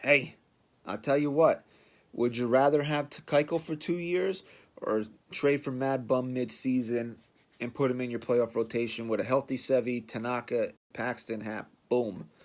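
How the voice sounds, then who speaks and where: A man's voice: mid-range voice, steady tone, moderate pace. A man hosting a podcast, giving a blunt, sarcastic sports rant and mocking the people he talks about. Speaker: podcast host.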